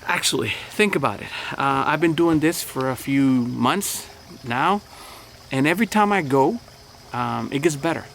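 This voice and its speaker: Gravelly-voiced pastor, chatty and relaxed. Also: male voice, mid-range voice, normal speed, a little hiss or hum. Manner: relaxed, chatty, many fillers. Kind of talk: casual devotional talk.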